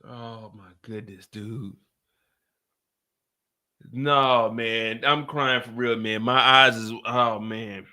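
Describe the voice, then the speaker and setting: Bright-voiced man laughing at live news. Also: medium pitch, fairly even intonation, slow pace, long pauses. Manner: bursts of laughter, incredulous, casual slang; reads updates aloud plainly. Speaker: streamer reacting to trial news. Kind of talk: live-stream reaction and news reading.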